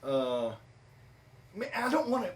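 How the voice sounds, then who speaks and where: A man hosting a podcast, chatting casually about a movie with animated, repetitive emphasis. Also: high voice, slow pace, slight background noise. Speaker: podcast host. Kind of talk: casual movie review chat.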